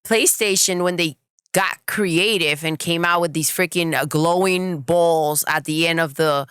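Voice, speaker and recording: Low-voiced bright woman podcaster. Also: unhurried, clean tone, dry recording, studio quality. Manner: animated, opinionated, many fillers. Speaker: podcast co-host. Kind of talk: casual gaming news chat.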